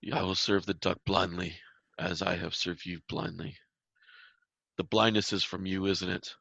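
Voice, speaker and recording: A man doing a frightened, gravelly cultist. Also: sits low, fairly even intonation, moderate pace, sharp tone, no echo, lo-fi sound, heavily acted. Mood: uneasy. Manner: pleading, fearful. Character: frightened male cultist begging for his soul.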